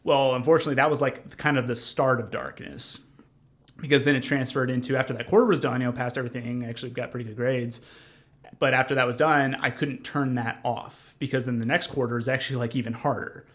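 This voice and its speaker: A man's voice: medium pitch, fairly even intonation, fast talker. A young man telling his own story as a podcast guest, earnest and rambling, with many fillers and restarts. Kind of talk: conversational storytelling.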